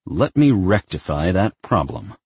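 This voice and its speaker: A man's voice: low-pitched, big pitch swings, a little slow, a little mellow, breathy edge, no room sound, full character voice. A man voicing the devil as a smug, menacing male demon king.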